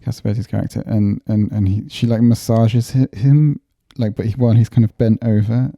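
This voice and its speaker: A man's voice: fairly low pitch, steady tone, a little fast, vocal fry, dark tone, no echo. A man co-hosting a film podcast, chatty, often acting out lines from scenes and laughing. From London. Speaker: podcast co-host. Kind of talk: casual film discussion.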